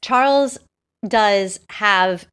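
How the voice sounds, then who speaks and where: A woman co-hosting a podcast, chatting casually about a TV episode in an animated, teasing way and laughing often. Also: medium pitch, extremely slow, smooth. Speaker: podcast co-host. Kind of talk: casual TV review chat.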